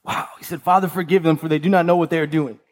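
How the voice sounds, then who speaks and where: A man's voice: a little high, fairly even intonation, fast talker. A man preaching a sermon in an emphatic way, repeating key lines and tossing in rhetorical asides to the congregation. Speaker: pastor.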